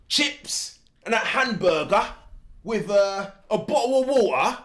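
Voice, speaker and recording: A man playing a joking fast-food coworker in a comedy skit, in a mocking, sing-song way. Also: medium pitch, distant mic, close to an everyday voice.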